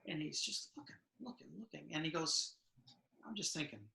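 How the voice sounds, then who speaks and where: Middle-aged male ex-officer, raspy and bright, chatty storyteller, echoey video-call sound. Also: on the high side, fairly quick. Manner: storytelling, acts out dialogue, many restarts. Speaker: author and retired correctional officer. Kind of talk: conversational interview answers. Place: home room over video call.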